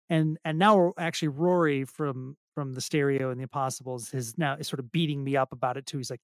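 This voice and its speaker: Man, middle-aged, rambling, self-deprecating, fairly high pitch, dry sound. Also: normal speed, dry recording. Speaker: podcast guest, singer-songwriter. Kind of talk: casual interview chat.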